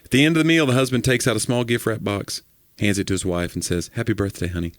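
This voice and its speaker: Low-voiced man telling jokes. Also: fast talker, no room sound, studio quality. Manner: animated joke-telling, acting out voices in quotes. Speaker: podcast co-host. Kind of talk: casual comedic chat.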